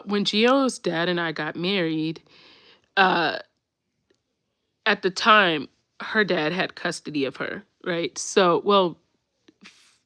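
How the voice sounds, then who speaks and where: A woman, telling family stories in a casual, animated way and laughing often. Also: on the low side, no room sound. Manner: animated, laughs often, repeats "when I tell you". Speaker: storytelling host. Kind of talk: casual storytelling chat.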